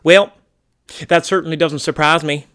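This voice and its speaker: A man's voice: fairly high pitch, fairly even intonation, moderate pace, fairly bright tone, clear, resonant tone, close to an everyday voice. A man playing a brash, gun-loving rural American man in a comedy sketch, blustering, crude and folksy. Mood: boastful.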